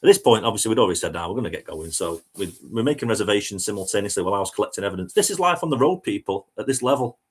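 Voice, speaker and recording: Low-voiced chatty man. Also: lively intonation, racing, hardly any pauses, husky. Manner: chatty, self-mocking, laughs through his story. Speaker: touring band musician. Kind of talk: casual storytelling anecdote.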